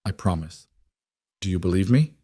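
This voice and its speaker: A man's voice: low-pitched, expressive, moderate pace, warm tone, breathy edge, no room sound, clean studio sound. A man voicing a young mother who pleads tearfully for her daughter. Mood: tender, tearful.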